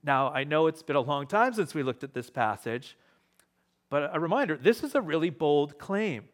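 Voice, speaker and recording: A man preaching a sermon as pastor to a live congregation in church, emphatic, repeating key phrases and shifting pace and loudness. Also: a little high, big pitch swings, moderate pace.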